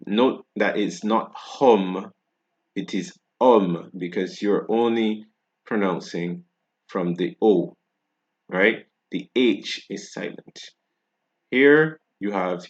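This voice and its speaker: A man's voice: fairly low pitch, dull audio. A man with a Barbadian accent, teaching a French pronunciation lesson in a casual, patient way and often checking in with tag questions.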